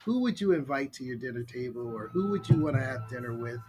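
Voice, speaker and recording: A man co-hosting a podcast, telling a quick story playfully and laughing as he talks. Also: mid-range voice, lively intonation, over music. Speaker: podcast co-host. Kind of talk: casual conversation.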